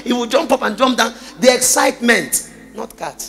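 A man with a Nigerian accent preaching a sermon, full of rhetorical questions and sudden shouted bursts. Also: very high voice, expressive, moderate pace, vocal fry. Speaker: pastor.

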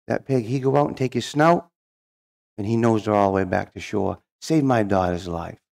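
A man's voice: fairly low pitch, moderate pace, creaky, a little mellow. A man voicing a proud old village chief who talks in broken English.

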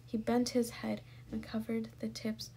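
A woman reading a children's book aloud in a soft, half-whispered voice. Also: a little high, completely flat delivery, measured pace, slight background noise. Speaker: read-aloud narrator.

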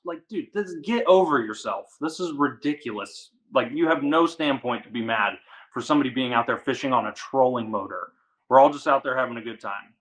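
A man from the Washington DC area, a guest angler, telling a story in casual chat, animated and full of "like". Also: mid-range voice, poor audio. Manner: animated, fast, says "like" a lot.

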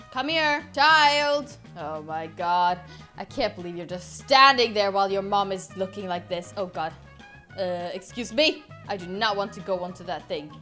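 Woman doing a dramatic annoyed mom in a roleplay game, kinda high voice, repeats herself a lot. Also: a bit bright. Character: fed-up mom turned into a monster. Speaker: gaming YouTuber. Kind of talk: playful game role-play commentary.

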